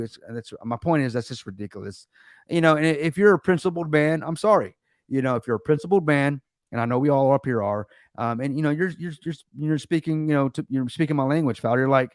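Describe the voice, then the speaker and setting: A man's voice: on the high side, fast talker, dry recording. Ranting American man, dry close sound. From United States. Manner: ranting, sarcastic, many restarts. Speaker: livestream host. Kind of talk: casual livestream chat.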